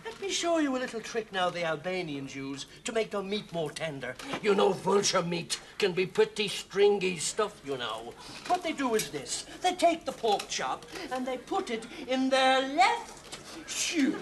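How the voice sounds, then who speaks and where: A man's voice: very high-pitched, big pitch swings, a little slow, noisy background, heavily acted. A man playing a pushy, know-it-all restaurant diner in a 1970s TV sketch, talking over people in an overbearing, clowning way. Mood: manic. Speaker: comic sketch performer. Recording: TV studio with audience laughter.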